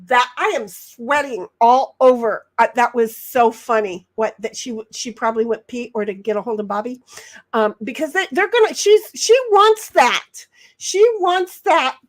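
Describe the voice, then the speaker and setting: A woman with a notably high voice tells rambling stories to her co-host and chat. She keeps restarting her sentences, giggling along the way in easygoing livestream banter. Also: animated, moderate pace. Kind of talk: casual chat.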